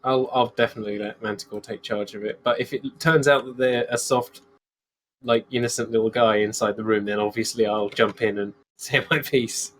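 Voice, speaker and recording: A man's voice: lowish voice, steady tone. Chatty man playing a tabletop game. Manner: chatty and quick to laugh. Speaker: player. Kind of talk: casual tabletop game chat.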